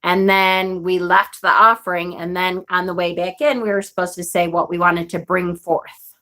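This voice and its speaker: A woman's voice: on the low side, little pitch movement, moderate pace, bright, forceful tone. A woman in her forties chatting casually as a vlogger, telling a rambling story and laughing often. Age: 40s. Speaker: witchcraft vlogger.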